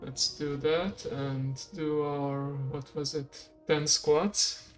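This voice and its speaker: A game streamer giving relaxed, rambling commentary while playing and chatting with viewers. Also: mid-range voice, extremely slow, faint music behind. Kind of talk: casual gameplay commentary.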